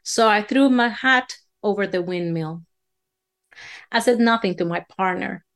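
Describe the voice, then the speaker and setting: A woman's voice: medium pitch, a little slow, a bit bright. A woman storyteller spinning a folksy, dramatic tall tale in a drawling way.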